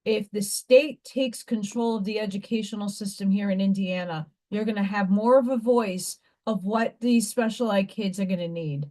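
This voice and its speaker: A woman's voice: mid-range voice, moderate pace, few pauses, warm tone. A woman hosting a casual livestream, talking in a rambling, emphatic way and greeting viewers by name between her points. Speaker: livestream host and school teacher.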